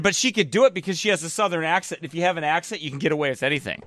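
A man commenting on a preaching clip, mocking it, animated, often laughing. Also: fairly high pitch, rapid-fire, few pauses, no room sound, clean studio sound. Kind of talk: reaction commentary.

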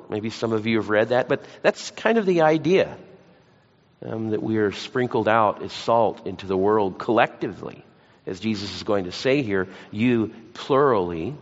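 A man preaching a sermon, mixing scripture with folksy, self-deprecating stories. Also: lowish voice. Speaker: pastor. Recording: lo-fi church hall recording.

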